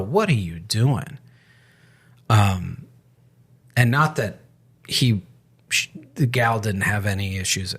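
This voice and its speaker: Husky-voiced man telling a pastoral story. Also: lowish voice, fairly bright tone. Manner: storytelling with many restarts and quoted dialogue. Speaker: podcast co-host, pastor. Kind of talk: casual spiritual podcast conversation.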